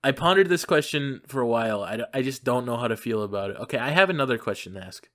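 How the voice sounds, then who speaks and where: A man's voice: mid-range voice, expressive, quick pace. Crude, rambling young man podcaster. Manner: crude, rambling storytelling with bursts of loud exclaiming. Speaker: podcast host. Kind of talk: casual podcast chat. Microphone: remote call.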